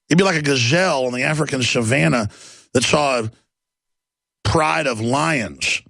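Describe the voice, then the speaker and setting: Middle-aged male talk host, gravelly, ranting and mocking, dry sound. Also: mid-range voice, moderate pace, fairly bright tone, no room sound. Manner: ranting, mocking, sarcastic put-on voices. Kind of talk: ranting monologue.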